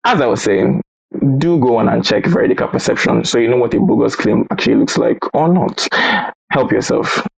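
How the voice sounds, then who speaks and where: Husky gravelly guy, calm and deliberate, sounds kinda radio-ish. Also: medium pitch, low-quality recording. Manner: measured, deliberate. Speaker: Christian guest. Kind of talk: calm debate.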